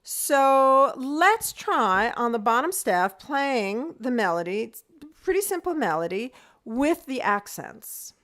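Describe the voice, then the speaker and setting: A woman's voice: high voice, very animated, slow pace, a bit bright. A woman teaching an online group music lesson over a video call. She explains step by step, counts beats aloud and sings rhythm syllables to show them.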